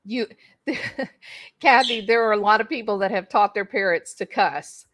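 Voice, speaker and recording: A woman's voice: mid-range voice, measured pace, a bit bright. Chatty folksy woman on livestream. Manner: chatty, folksy, talks to viewers by name. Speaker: livestream host reading chat. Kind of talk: casual chat.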